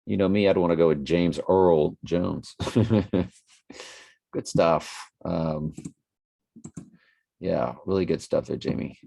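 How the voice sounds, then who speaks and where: A man's voice: low-pitched, takes it slowly, vocal fry, long pauses, mellow. A tired man hosting a casual livestream, reading out viewer comments in a rambling, musing way with many fillers.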